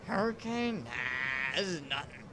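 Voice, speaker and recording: A man doing a gruff New England fisherman uncle. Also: high voice, fairly even intonation, moderate pace, noisy background. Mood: dismissive. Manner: offhand, gruff, dismissive of danger. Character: grizzled chain-smoking fisherman uncle, gruff and unbothered.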